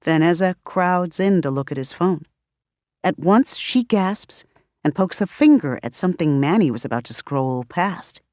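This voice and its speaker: Low, dry-voiced woman for steady audiobook narration. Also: dry recording. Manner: steady, measured storytelling. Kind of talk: scripted narration.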